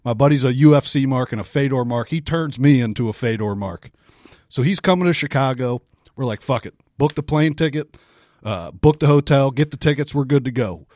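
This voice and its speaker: A man co-hosting a podcast, telling a story in a casual, profane, animated way with frequent laughs. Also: mid-range voice, a little fast, dry recording, clean studio sound. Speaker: podcast co-host.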